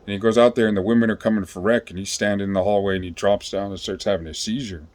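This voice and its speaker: A man's voice: on the low side, fairly even intonation, quick pace. Rambling, profane man telling a story. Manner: rambling, profane, with many fillers. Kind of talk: casual storytelling.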